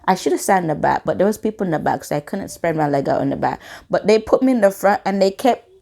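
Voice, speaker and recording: Brief: woman in her twenties, lower-pitched, casual storytime vlogger, curses often, acts out quotes. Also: fast, creaky. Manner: swearing, animated reenacted quotes.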